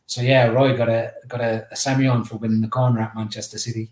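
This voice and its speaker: A man in his fifties, a former footballer and podcast guest, telling lively anecdotes that climb to excited retellings. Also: medium pitch, fast talker. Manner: animated, builds up to raised excited retellings. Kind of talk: anecdotal storytelling. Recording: roomy echo.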